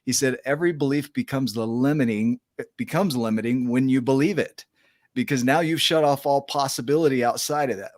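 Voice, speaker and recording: A man's voice: medium pitch, no echo. Emphatic male podcast host, dry sound. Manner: emphatic, enthusiastic, keeps asking "right?". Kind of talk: podcast interview.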